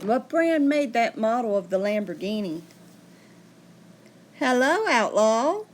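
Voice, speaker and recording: A woman's voice: fairly high pitch, sing-song, slow. A woman hosting a casual livestream, chatting and answering viewer comments. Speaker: livestream host.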